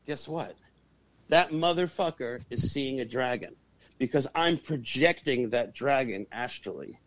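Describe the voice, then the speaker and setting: A man being interviewed as a guest shaman and exorcist, telling stories in an excitable, profane way. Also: mid-range voice, measured pace, no room sound, low-quality recording. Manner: profane and excitable, acts out the voices in his stories. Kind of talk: animated storytelling in a podcast interview.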